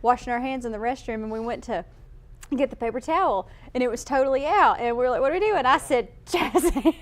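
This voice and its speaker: A woman's voice: a little high, quick pace. A woman co-hosting a live local TV coupon show, giggly and teasing as she tells stories. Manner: giggly, teasing, laughs often. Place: TV studio.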